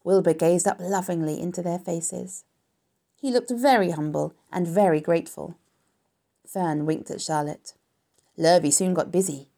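A woman reading a children's story aloud in a calm, even way. Her voice is low and mellow with a gravelly texture. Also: moderate pace. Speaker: audiobook narrator. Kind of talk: storybook narration.

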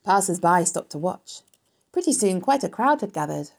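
A woman reading a children's story aloud in a calm, even way. Her voice is low and mellow with a gravelly texture. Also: normal speed. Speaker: audiobook narrator. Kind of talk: storybook narration.

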